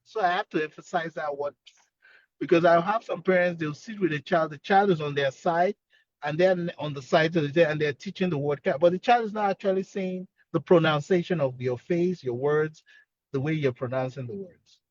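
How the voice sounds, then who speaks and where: Male speech therapist, earnest explainer, higher voice, dull dry sound. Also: moderate pace, a little mellow, no room sound. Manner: earnest, explanatory, repeats key points. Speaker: speech-language pathologist guest. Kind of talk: expert explaining on a webinar.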